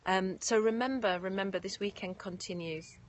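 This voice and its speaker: A woman's voice: mid-range voice, normal speed, a little hiss or hum. A woman, a yoga nidra teacher, chatting effusively with viewers on a live stream from outdoors and thanking them by name. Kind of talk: live-stream chat after a guided meditation. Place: outdoors in nature. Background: faint birds and distant sirens.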